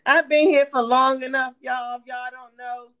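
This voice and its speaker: A woman from Virginia co-hosting a podcast in casual chat, animated and emphatic, laughing often. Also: sits high, normal speed. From Hampton, Virginia. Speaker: podcast co-host.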